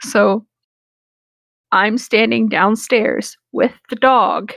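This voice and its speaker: A woman's voice: mid-range voice, fairly even intonation, drawn-out words, creaky, fairly bright tone, no echo. A woman in her twenties, casually telling a rambling story with lots of fillers and swearing, as a podcast co-host.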